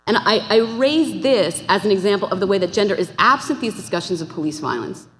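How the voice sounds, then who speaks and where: A woman's voice: mid-range voice, expressive, fairly quick. Woman panelist in a reverberant hall. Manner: earnest, argumentative, restarts mid-phrase. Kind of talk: academic panel talk. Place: conference hall.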